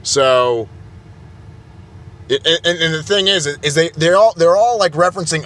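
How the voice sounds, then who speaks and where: A man's voice: sits high, expressive, unhurried, a bit bright. A young man, an IT technician, ranting in a flustered, exasperated way and stumbling over his words. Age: young adult. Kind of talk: heated vlog rant.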